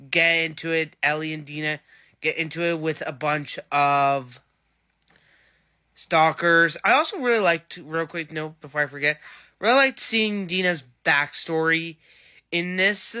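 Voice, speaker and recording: A man's voice: on the high side, measured pace, pushed and bright, clear, resonant tone. A man giving a casual, rambling, enthusiastic review of a TV episode. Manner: enthusiastic, rambling fan chatter. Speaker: TV show reviewer.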